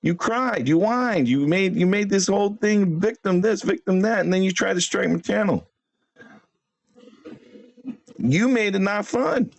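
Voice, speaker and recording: A man's voice: high voice, normal speed, gravelly, no room sound. A man hosting a livestream, talking casually and brashly to chat, trash-talking a rival and laughing often. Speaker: livestream host.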